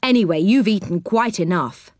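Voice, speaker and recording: A woman's voice: medium pitch, animated, normal speed, darkish tone, no room sound, clean studio sound, lightly acted. A woman voicing a sensible boy in a storybook, stern and reproving.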